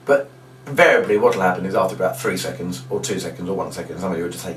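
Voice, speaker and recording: A man's voice: low voice, racing, fairly bright tone. A man, a magician, teaching a trick step by step in a chatty instructional demonstration. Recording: roomy, distant mic, faint background noise.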